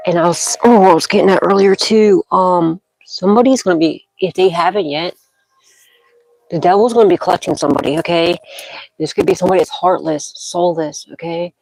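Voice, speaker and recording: A woman's voice: on the low side, brisk, vocal fry, darkish tone, no room sound, soft background music, poor audio. Rambling woman reading tarot, dry sound. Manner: rambling, frequent "okay?" check-ins; intuitive, dramatic pronouncements. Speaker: tarot reader.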